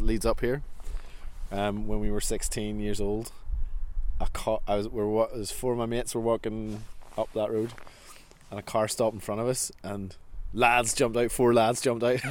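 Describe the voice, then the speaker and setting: A man recalling his teenage years in casual chat, rambling and laughing often, recorded outdoors in a park. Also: fairly low pitch. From Northern Ireland. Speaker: guest. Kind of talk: casual reminiscing.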